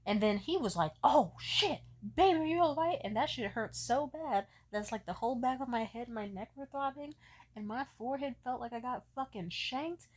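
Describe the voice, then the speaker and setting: A young woman vlogger telling a casual, profane story with animated energy. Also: fairly high pitch, moderate pace.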